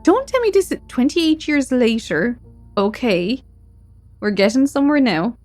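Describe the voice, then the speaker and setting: A woman hosting a gaming channel, reading game text aloud and reacting excitedly and emotionally. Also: high-pitched, a little slow, dry recording. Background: faint game music.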